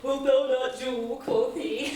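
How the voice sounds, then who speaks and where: A woman's voice: sits high, fairly even intonation, measured pace, a little mellow, a little hiss or hum. A woman playing a chattering old nurse who rambles and laughs often, in a stage play. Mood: fond rambling. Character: chattering old female nurse, bawdy and fond. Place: theater stage. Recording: echoey stage miked from far off.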